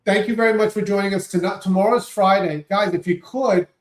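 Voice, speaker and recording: Man, high voice, echoey room, blunt, wry, talk show host. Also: fairly even intonation, a little fast. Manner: blunt, wry, addresses viewers as guys. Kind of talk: casual political chat.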